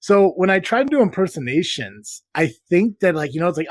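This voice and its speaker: A man's voice: sits high, very animated, a little fast, no room sound. A man hosting a casual live-stream podcast, rambling, swearing freely and joking at his own expense. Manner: rambling, profane, self-deprecating. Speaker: podcast host.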